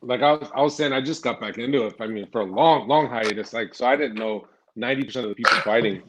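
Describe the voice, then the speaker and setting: A man's voice: mid-range voice, fast talker, lo-fi sound, heavy background noise. A man in casual podcast chat, talking hesitantly and putting himself down.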